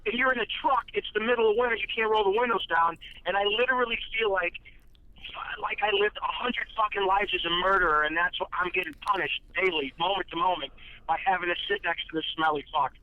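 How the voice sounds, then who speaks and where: A man guesting on a podcast, telling profane, lively anecdotes in casual chat. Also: high-pitched, fast, no echo, narrow, tinny audio.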